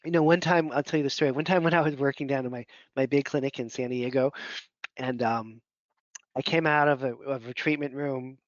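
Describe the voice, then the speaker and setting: Speaking fairly quickly with fairly even intonation, this medium-pitched man mentors doctors in functional medicine through a conversational, meandering talk full of filler words. The recording is dry, dull, and lo-fi.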